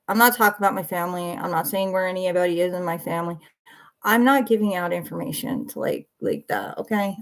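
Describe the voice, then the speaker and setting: A worn-out woman with a lowish voice and vocal fry rants defensively on a livestream. Blunt and swearing, she repeats herself as she answers viewers in a heated rant.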